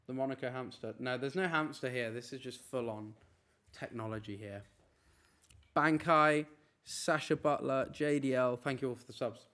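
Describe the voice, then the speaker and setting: A man's voice: mid-range voice, fairly bright tone. A young man streaming from a room, chatting casually and rattling off a long list of names. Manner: rattling off names in a quick run. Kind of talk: casual live-stream chat. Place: apartment room.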